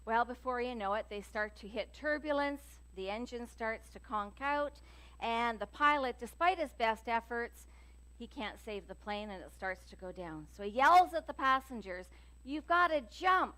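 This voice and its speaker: A woman minister giving a sermon in a church, telling stories in a chatty, lively way with many fillers. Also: fairly high pitch, moderate pace. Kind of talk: sermon with jokes and readings. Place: church sanctuary.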